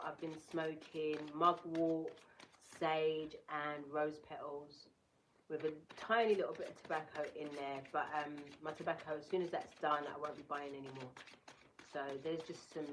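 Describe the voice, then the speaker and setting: A woman's voice: deep voice, bright, forceful tone, a little hiss or hum, rough recording. A woman giving a casual collective tarot and crystal reading, reading card text aloud and breaking off into chatty asides. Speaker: tarot reader.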